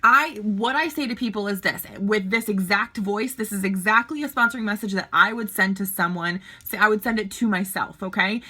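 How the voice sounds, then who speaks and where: A woman's voice: medium pitch, a little fast, few pauses, bright, forceful tone, breathy edge. A woman leading a sales team, talking casually and bubbly to camera from a child's bedroom, often checking in with the viewer. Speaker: network marketing team leader. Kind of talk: casual vlog advice.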